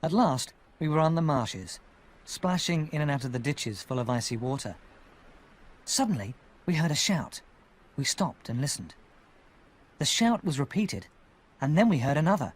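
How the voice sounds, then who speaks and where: A man narrating an audiobook in an expressive storytelling manner. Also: fairly high pitch, normal speed, pauses often. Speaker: audiobook reader.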